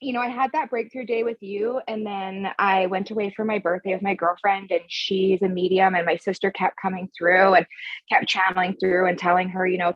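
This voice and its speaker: A woman's voice: mid-range voice, flat delivery, a little fast, no room sound, lo-fi sound. A woman coach talking frankly and emphatically as a podcast guest, swearing freely as she tells her story. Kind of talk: casual podcast conversation.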